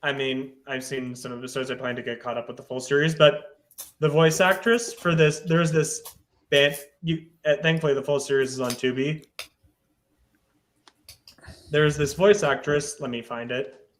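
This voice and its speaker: A man's voice: mid-range voice, fairly even intonation, normal speed. A man chatting casually as a guest on a podcast, rambling and searching aloud for names. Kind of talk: casual chat.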